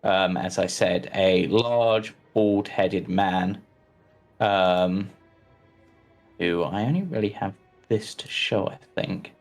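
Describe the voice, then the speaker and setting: Slow-talking game master guy, lots of ums, lowish voice, faint music. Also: gravelly. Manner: hesitant, lots of ums while describing scenes. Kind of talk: narrating a tabletop game.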